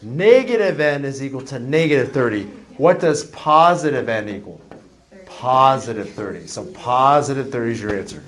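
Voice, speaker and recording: A man's voice: medium pitch, expressive, moderate pace, fairly bright tone. A man teaching a math class, chatty and self-deprecating, joking with his students. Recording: noisy classroom recording.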